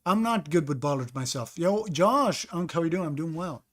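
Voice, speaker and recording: A man with a slightly raised pitch talks through each guess in loose live-stream commentary. He muses out loud and breaks off to welcome viewers in his chat, keeping an easy, offhand tone. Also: expressive, normal speed. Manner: thinks aloud, greets chat mid-sentence.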